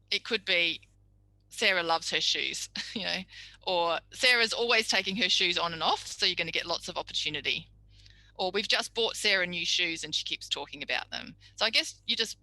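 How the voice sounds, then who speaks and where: A woman's voice: fairly low pitch, bright, forceful tone, dry recording, rough recording. A middle-aged woman, a speech pathology tutor giving a chatty, practical tutorial lecture. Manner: chatty, practical, acts out little quoted exchanges.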